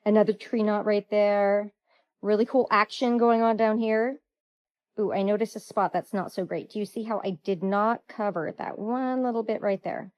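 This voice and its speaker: A woman hosting a hands-on craft tutorial, chatty, playful and quick to get excited. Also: medium pitch, dull audio.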